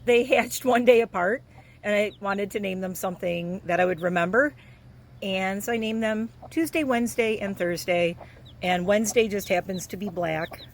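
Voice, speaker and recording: A woman's voice: medium pitch, moderate pace. A woman vlogging casually from her backyard chicken coop and garden, cooing and baby-talking at her chicks between chatty explanations, recorded on a handheld camera. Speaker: homestead vlogger. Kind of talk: casual vlog tour.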